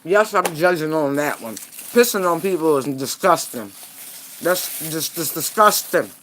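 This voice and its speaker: A woman's voice: low-pitched, animated, a little slow, fairly bright tone, a little hiss or hum. A woman giving a casual tarot reading, talking bluntly and frankly and laughing often. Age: adult parent. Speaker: tarot reader.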